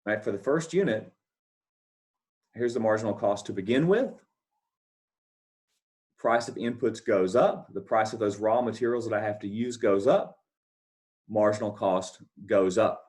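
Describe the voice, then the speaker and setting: A man delivers a recorded lecture in a fairly low voice. He walks through each step patiently, repeating key points and pausing to ask if it makes sense. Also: a little mellow. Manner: explains step by step, repeats key points, asks checking questions. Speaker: economics lecturer. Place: talking over scribbled notes, not at a board.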